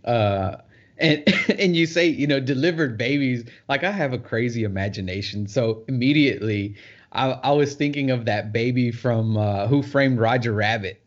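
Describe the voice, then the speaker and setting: A man's voice: mid-range voice, normal speed. A man hosting a podcast, talking enthusiastically and giving motivational asides in casual chat. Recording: dull lo-fi sound.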